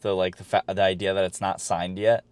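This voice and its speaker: In a laid-back wrestling conversation, this male co-host rambles somewhat, dropping fillers and now and then a swear word. He has a low voice with a flat, brisk delivery, recorded smoothly with no room sound.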